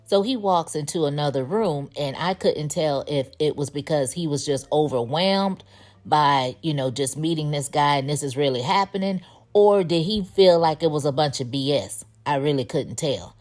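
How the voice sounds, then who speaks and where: A woman's voice: deep voice, expressive, normal speed, darkish tone. A woman giving a casual spoken recap of a TV episode, telling the story in a chatty way with sassy asides. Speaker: TV show recap reviewer.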